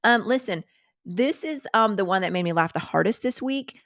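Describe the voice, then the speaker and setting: A woman's voice: medium pitch, lively intonation, moderate pace, a bit bright, no echo. Lady streamer, giggly and sweary, close dry mic, just chatting. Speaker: host. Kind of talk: casual live-stream commentary.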